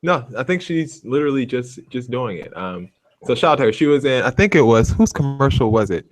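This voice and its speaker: A man's voice: medium pitch, very animated, a little fast, dry recording. A young man with a mid-range voice, speaking casually and evenly as a co-host. The sound is dry and close to the mic. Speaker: podcast co-host. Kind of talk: casual chat.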